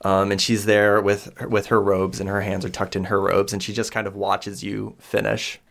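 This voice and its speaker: Man, game master, low voice, gravelly, descriptive narration with fillers. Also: monotone, normal speed, fairly bright tone.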